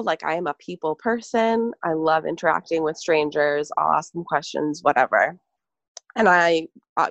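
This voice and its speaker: A woman in casual conversation, telling an animated story full of fillers and laughs. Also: fairly low pitch, no room sound, lo-fi sound. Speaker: podcast co-host, former barista. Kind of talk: casual chat.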